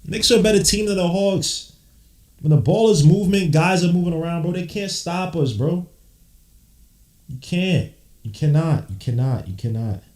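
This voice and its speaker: A man calling a basketball game live, switching between low muttered play-by-play and hyped, slangy shouting. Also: moderate pace, far from the mic. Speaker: podcast host doing live game commentary. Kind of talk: excited watch-along play-by-play. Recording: roomy echo.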